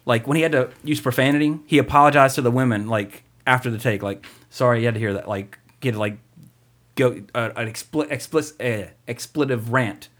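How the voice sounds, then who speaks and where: A man's voice: medium pitch, a little fast, a bit bright. A man hosting a podcast, chatting casually in a rambling, jokey way. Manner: rambling, jokey, lots of "like" and restarts. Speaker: podcast host.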